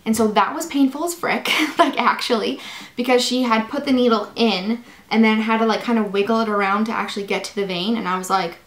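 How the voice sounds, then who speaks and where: A woman's voice: a little high, brisk, roomy sound. A young woman vlogger telling a personal story in a chatty, casual way, full of fillers. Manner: chatty, animated, lots of fillers.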